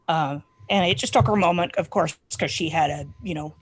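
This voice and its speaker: A player in a tabletop role-playing game describing a character's actions, halting with fillers. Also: medium pitch, husky, no echo.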